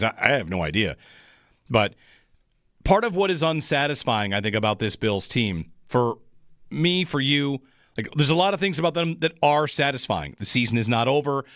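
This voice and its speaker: Male sports radio host, mid pitch, dry studio sound, rambling frustrated analysis. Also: a bit bright, no room sound. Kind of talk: sports talk radio monologue.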